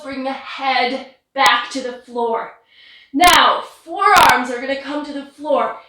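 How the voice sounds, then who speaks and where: A woman leading a guided yoga class from home, giving relaxed, encouraging cues while slightly out of breath. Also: high voice, a little hiss or hum. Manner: relaxed, encouraging cues with light self-deprecation. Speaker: yoga instructor. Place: home practice room. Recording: roomy sound from a distant mic.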